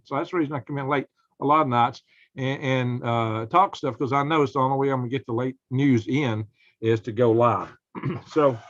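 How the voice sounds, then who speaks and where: A man's voice: medium pitch, dry recording, dull audio. A man hosting a late-night live stream, chatting with viewers in a folksy way and exclaiming in outrage at the news. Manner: folksy, exclaims in outrage, laughs at own jokes.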